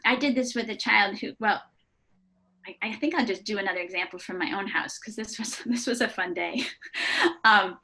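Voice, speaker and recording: Over a video call mic, a woman with a voice on the high side leads a live online session for early childhood educators. Her style is warm and conversational, full of restarts and soft laughter.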